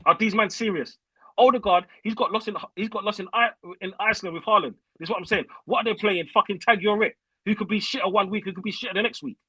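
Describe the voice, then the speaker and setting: A man's voice: sits high, fast talker, hardly any pauses, sharp tone, slightly rough, no echo, poor audio. A young man, calling in as a fan and ranting angrily, swearing, in heavy slang. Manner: swearing, heated, uses slang. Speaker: caller. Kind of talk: angry fan rant.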